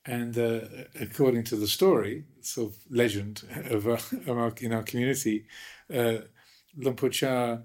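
A man, a Buddhist monk, telling stories in animated conversation with many restarts. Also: medium pitch, moderate pace. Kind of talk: conversational storytelling.

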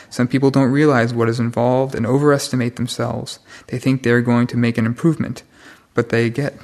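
Stern monk giving a scolding Dhamma talk. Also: male voice, medium pitch. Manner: stern, scolding, plain-spoken. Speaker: senior monk teaching monks.

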